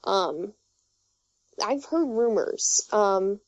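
A woman's voice: medium pitch, lively intonation, very slow, crowd noise. A young woman chatting casually, telling rambling, giggly stories full of fillers and restarts. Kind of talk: casual chat. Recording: dull muffled audio.

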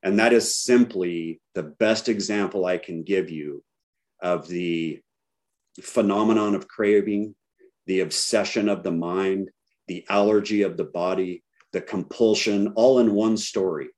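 This middle-aged recovery speaker talks a little slowly in a low, darkish voice, giving a group an honest account of his own story laced with self-deprecating humor.

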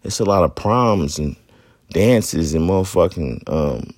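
Man, 30s, podcast host. Very low, gravelly voice, dry close mic. Blunt, profane, candid monologue. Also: expressive, a little slow, darkish tone, no room sound. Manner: blunt, profane street talk.

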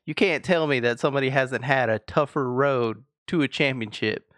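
Man with a smooth voice. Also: medium pitch, normal speed, fairly bright tone, dry recording, studio quality. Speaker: podcast co-host. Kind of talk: casual chat.

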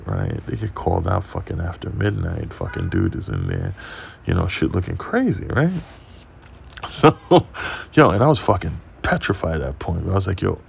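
A man hosting a podcast, telling a profane, animated story in casual monologue. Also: low-pitched, moderate pace, gravelly, slight background noise. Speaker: podcast host.

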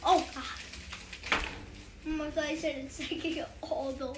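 A woman's voice: high voice, steady tone, measured pace, echoey room, heavy background noise. A woman insisting her point in a casual, amused back-and-forth. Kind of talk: casual bickering chat.

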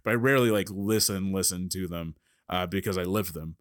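A man hosting a podcast, chatting casually in a fairly low voice. He rambles through fillers and restarts and laughs often. The sound is close and dry. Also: brisk, no room sound. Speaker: podcast host. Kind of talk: casual chat.

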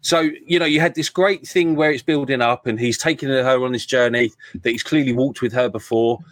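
A man in casual chat giving his opinions in a measured way, with frequent restarts. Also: mid-range voice, fairly even intonation, dry recording.

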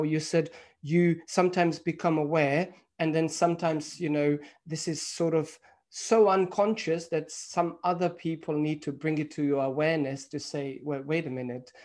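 A man hosting a podcast interview, talking in a measured, reflective way with many fillers. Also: on the high side, flat delivery, a little mellow. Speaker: podcast host. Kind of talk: interview conversation.

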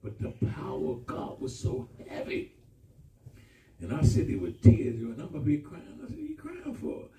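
Animated male pastor in echoey hall. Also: mid-range voice, moderate pace, a little hiss or hum. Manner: animated storyteller, shouts and laughs through stories. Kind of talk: testimony sermon. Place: church hall with congregation. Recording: echoey room, far from mic.

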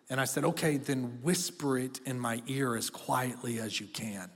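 A man's voice: medium pitch, fairly even intonation, moderate pace, hardly any pauses, husky. A man in his thirties preaching a sermon as pastor, conversational and direct, asking the congregation to speak back. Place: church auditorium. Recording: long reverb of a church hall.

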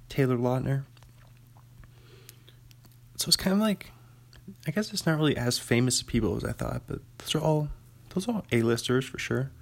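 A man's voice: mid-range voice, vocal fry, a little mellow. A man hosting a casual solo chat who jokes, laughs at himself and reads a book aloud. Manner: joking, self-mocking, laughs often.

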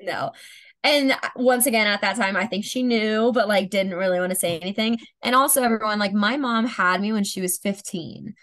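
A woman's voice: medium pitch, moderate pace, a bit bright. A young woman co-hosting a podcast, telling a candid story in a rambling way full of fillers, a little tipsy. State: slightly intoxicated. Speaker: podcast co-host. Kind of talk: casual confessional chat.

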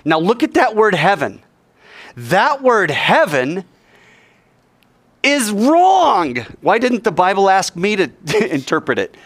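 Animated joking preacher man. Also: high voice, takes it slowly. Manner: animated, jokey, acts out quoted voices. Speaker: pastor. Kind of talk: sermon.

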